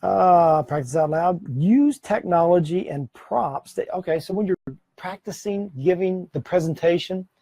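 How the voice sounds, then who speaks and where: A middle-aged man talks to his camera about giving presentations, chatty and prone to self-corrections. His voice sits a little high yet sounds mellow, with a husky, gravelly grain. The sound is dry, with no room echo. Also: a little slow. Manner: conversational, self-correcting, occasional laughs. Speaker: presenter giving speaking tips. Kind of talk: casual instructional talk to camera. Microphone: camera mic, speaking to camera.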